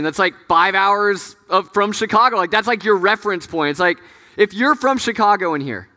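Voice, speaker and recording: A fairly high, bright, forceful man's voice rings out across a large hall with a long reverb tail. He preaches to students like he's chatting with friends, self-mocking, full of "like" and "uh", and he laughs often. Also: moderate pace. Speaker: campus ministry pastor. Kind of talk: casual, joking sermon to students.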